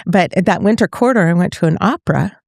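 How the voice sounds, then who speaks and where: Older woman from northern california, a bit gravelly, chatting about her life, laughs a lot, dry close sound. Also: on the low side, fast, a little mellow, dry recording. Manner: reflective, laughs often. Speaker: guest, voice teacher. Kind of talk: casual conversational storytelling.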